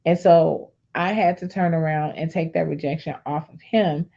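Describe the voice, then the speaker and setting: A woman's voice: sits low, fairly even intonation, moderate pace, vocal fry, mellow, highs cut off. Woman giving a candid personal testimony. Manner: candid storytelling, addresses listeners as y'all. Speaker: speaker sharing testimony. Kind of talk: personal testimony on a faith talk show.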